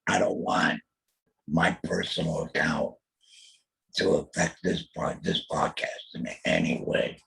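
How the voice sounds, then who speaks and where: A man's voice: a bit bright, poor audio. A middle-aged man speaking with an alaryngeal voice after a laryngectomy. He hosts a casual podcast monologue, blunt and profane, and keeps asking "you know what I mean.". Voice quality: very low, rough, gravelly voice. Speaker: podcast host.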